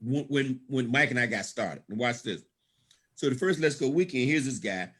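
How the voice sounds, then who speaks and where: A man's voice: mid-range voice, animated, moderate pace, fairly bright tone, breathy edge. A man giving a motivational storytelling talk at a business event, laughing often and calling out praise in a folksy, preacher-like way. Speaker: guest speaker at a business opportunity event.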